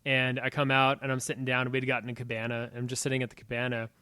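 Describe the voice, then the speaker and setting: Podcast guy in his 30s telling a story, swears a lot, animated, dry sound. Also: medium pitch, very fast, clean tone, no echo. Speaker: podcast co-host. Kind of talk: casual storytelling chat.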